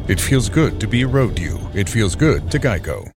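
A man's voice: fairly low pitch, big pitch swings, moderate pace, over music. A man reading a scripted insurance ad as voice-over. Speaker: announcer.

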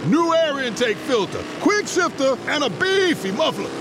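A man's voice: very high-pitched, sing-song, moderate pace, noisy background, heavily acted. A man playing a proud biker in a radio ad, boastful and eager. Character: proud biker showing off his motorcycle. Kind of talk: radio ad acting.

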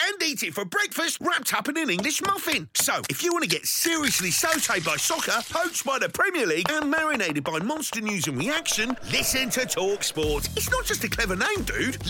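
Man, comic radio promo, very high, hugely animated, playful. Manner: playful, theatrical, jokey. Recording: noisy background.

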